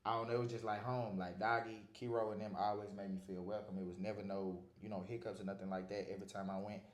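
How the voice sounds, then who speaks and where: A man, a podcast guest telling stories in a relaxed, slangy way. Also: on the low side, quick pace, echoey room. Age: 20s. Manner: laid-back, slangy storytelling. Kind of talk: casual podcast chat.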